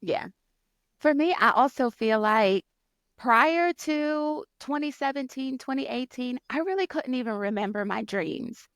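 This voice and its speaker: A woman co-hosting a casual chat podcast, encouraging and quick to laugh. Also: high voice, lively intonation, dry recording. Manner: warm, encouraging listener, laughs easily. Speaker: podcast co-host.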